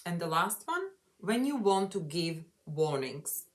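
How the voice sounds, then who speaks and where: A woman's voice: on the low side, sing-song, unhurried. A woman English coach leading a grammar lesson, setting out each point and backing her co-host with frequent "mm-hmm"s.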